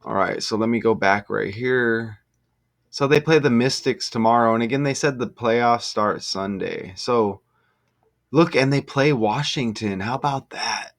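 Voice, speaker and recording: Man host, unhurried, mid-pitch, thinking aloud over stats with bursts of wonder, home desk mic. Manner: slow, musing, excitable exclamations. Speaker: gematria sports commentator. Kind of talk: casual solo commentary over on-screen schedule.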